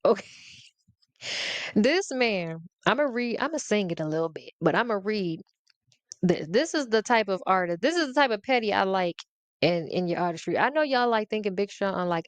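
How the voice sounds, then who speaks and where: A woman speaking hosts a casual comedic rant, teasing and animated. Her voice is smooth and clear at a middling pitch. The recording is close and dry, with no room sound. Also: no echo. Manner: animated and playful, breaks into half-sung lyrics, laughs often. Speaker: podcast host.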